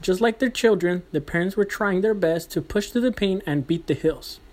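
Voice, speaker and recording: A man, a running coach, reads an earnest recap of a team race in a steady voice. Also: high-pitched, moderate pace. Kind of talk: scripted narration.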